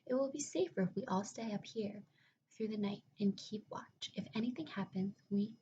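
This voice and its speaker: A woman reading a children's book aloud, voicing a calm, wise old male grasshopper in a measured way. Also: muffled recording, a little hiss or hum, lightly acted. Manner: calm, measured, slightly lower.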